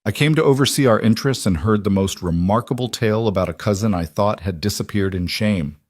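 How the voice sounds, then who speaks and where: A man voicing a haughty, cruel young woman from a wealthy family, speaking with a sharp Boston accent. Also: low-pitched, brisk, no room sound, clean studio sound. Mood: scornful. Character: cold mocking rich young woman cousin.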